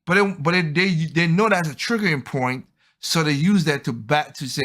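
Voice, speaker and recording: A man's voice: fairly high pitch, moderate pace, a bit bright. A man hosting a podcast, talking casually in a rambling, opinionated way. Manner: rambling, opinionated, acts out quoted people. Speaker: podcast host.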